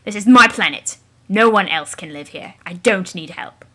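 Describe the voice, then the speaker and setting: A woman voicing a brash, rude young male alien kid in a comic read-aloud, loud and demanding. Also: medium pitch, expressive, moderate pace. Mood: bratty.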